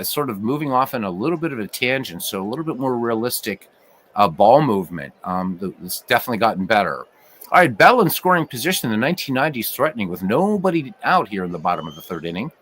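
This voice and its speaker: A man doing play-by-play for a simulated baseball game in a lively, swinging voice that jumps up to near-shouts on big hits and drops low for wry asides. He chats with his live viewers between pitches. A faint hiss of noise sits under the recording. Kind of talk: solo play-by-play commentary with live chat.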